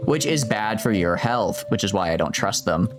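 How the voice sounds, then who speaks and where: Low-voiced man rambling over game music. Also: animated, moderate pace. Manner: rambling, jokey, talks to chat. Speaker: streamer. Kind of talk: casual gameplay commentary.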